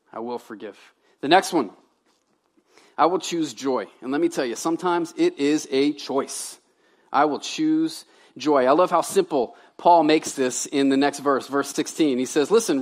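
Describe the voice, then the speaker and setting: Conversational male pastor preaching a sermon. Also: fairly high pitch. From Louisiana. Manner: conversational, swings from loud emphasis to quiet asides.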